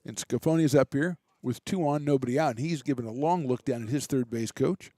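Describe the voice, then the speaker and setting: A man doing relaxed, chatty play-by-play commentary for a college baseball game, with self-deprecating asides. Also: medium pitch, a little fast, no echo, studio quality. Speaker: play-by-play announcer.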